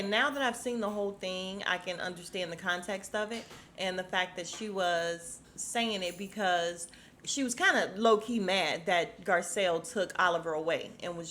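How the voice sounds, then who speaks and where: A woman's voice: lowish voice, fairly bright tone, slight background noise. A woman hosting a podcast, recapping a reality show in casual chat, sassy and blunt, swearing freely and acting out quotes.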